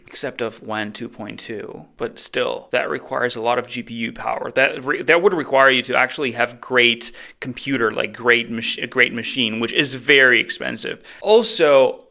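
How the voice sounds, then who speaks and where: Man, tutorial host, gravelly bright tone, chatty and upbeat. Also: medium pitch. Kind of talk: casual screen-recorded tutorial.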